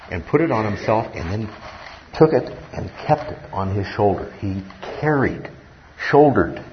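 A man's voice: fairly low pitch, slight background noise. A man preaching a sermon as pastor, stressing key words and checking in with the congregation as he teaches. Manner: emphatic teaching, often checks in with listeners. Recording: dull lo-fi sermon recording.

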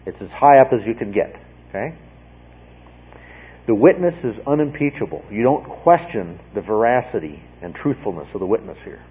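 A man's voice: on the low side, animated, moderate pace, slightly rough. A man teaching verse by verse through a Bible passage, talking in a conversational way, repeating words and often checking in with "okay?". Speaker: preacher teaching a Bible study. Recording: tinny phone-like radio broadcast.

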